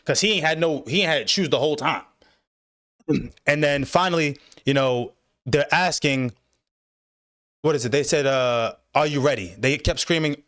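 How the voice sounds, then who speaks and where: A man's voice: fairly high pitch, normal speed, long pauses, fairly bright tone, no echo, clean studio sound. A man hosting an anime discussion, retelling the plot at length in a loose, profane way full of "like" and "bro.". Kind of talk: casual chat.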